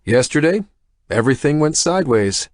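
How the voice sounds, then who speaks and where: Voicing a smug, theatrical banker in an audiobook, the male narrator raises his pitch above his natural voice, landing a little high and sing-song at a moderate pace. The studio-quality recording has no room sound.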